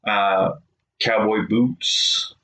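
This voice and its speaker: A man's voice: lowish voice, steady tone, drawn-out words, bright, forceful tone. A man from rural Texas chatting casually with his wife, rambling through stories and often tagging on "right?". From rural Texas, USA. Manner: rambling, storytelling, frequent "right?" tag questions. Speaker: co-host talking with his wife. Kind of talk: casual chat. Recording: echoey, slightly dull room sound.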